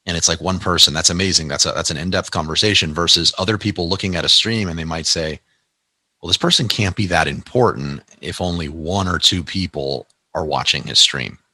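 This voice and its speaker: A man's voice: low voice, a little fast, pushed and bright, husky, no echo. A man hosting a podcast interview, asking curious questions and thinking aloud. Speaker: podcast host.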